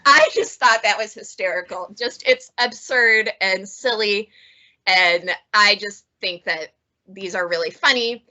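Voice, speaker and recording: A woman's voice: mid-range voice, measured pace, pushed and bright, dull audio. A woman librarian chatting casually about funny books she has read, laughing often as she talks. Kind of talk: casual book review chat.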